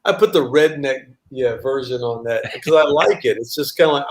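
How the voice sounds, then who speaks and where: A man's voice: mid-range voice, fairly quick, few pauses. A man hosting a casual livestream chat, talking emphatically and repeating words as he makes his point. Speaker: channel host.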